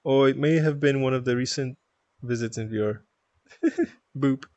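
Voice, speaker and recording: A man's voice: medium pitch, moderate pace, darkish tone, dry recording, muffled recording. A man from Toronto with a Canadian accent, chatting casually on a live stream, reading chat aloud, rambling and laughing often.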